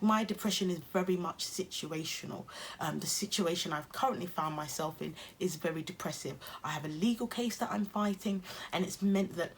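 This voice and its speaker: A woman's voice: on the low side, a little hiss or hum. Earnest English woman vlogger. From England. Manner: earnest, encouraging. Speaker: YouTuber. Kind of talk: self-care vlog talk.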